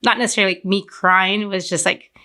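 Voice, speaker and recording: Young woman from fort worth telling a story in an interview, bright voice, says like a lot. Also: mid-range voice, fairly quick. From Fort Worth, Texas. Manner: chatty, lots of "like" fillers, animated retelling. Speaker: entrepreneur guest.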